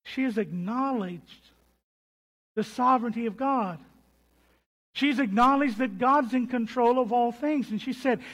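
A man preaches a sermon in a strikingly high voice, taking his time over every phrase. He leans on key words, then lets his lines sink to soft, low endings. A long reverb from the church sanctuary hangs behind him. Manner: deliberate, emphatic, trailing off to soft low endings. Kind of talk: expository sermon.

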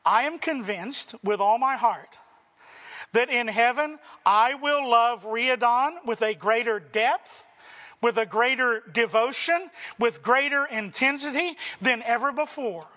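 A man's voice: very high voice, a little slow, pushed and bright. A man preaching a sermon as pastor, emphatic, with rhetorical questions and building lists.

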